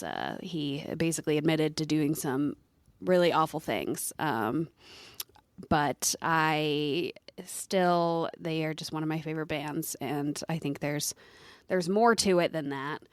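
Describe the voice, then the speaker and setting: A woman's voice: low voice, dry recording. A woman co-hosting a podcast in casual chat, talking loosely with fillers and trailing phrases. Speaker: podcast co-host.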